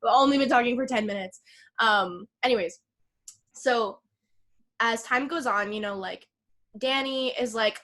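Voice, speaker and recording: High-voiced woman rambling through a recap. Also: unhurried, pauses often. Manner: rambling, filler-heavy, lots of "like"; profane, excitable retelling. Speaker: podcast co-host. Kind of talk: casual film recap chat.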